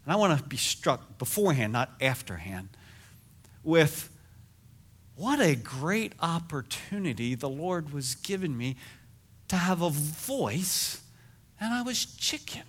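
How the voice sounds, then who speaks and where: A middle-aged man preaching a sermon as pastor, telling stories in an animated, self-deprecating way. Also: on the high side, takes it slowly, breathy edge.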